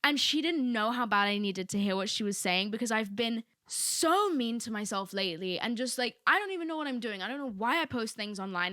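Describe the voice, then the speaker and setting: Bright-voiced young woman podcasting. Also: medium pitch, dry recording, clean studio sound. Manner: rambling and candid, full of "like" asides. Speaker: podcast host. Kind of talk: casual solo podcast monologue.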